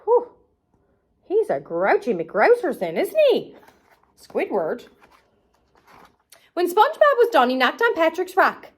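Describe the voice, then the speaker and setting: A woman's voice: sits high, wildly swooping pitch, slow, pauses often. A woman hosting a children's arts and crafts show, reading a storybook aloud in a playful, sing-song way and talking to the kids directly.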